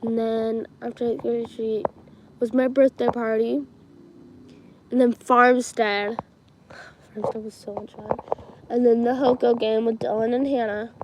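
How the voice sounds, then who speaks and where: A teenage girl chats through a livestream in a slightly high, unhurried voice, giggling and saying "like" and "um" a lot. There is clear noise in the background of the home stream. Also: flat delivery, highs cut off. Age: teens. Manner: chatty, giggly, many fillers like "like" and "um". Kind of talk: casual livestream storytelling.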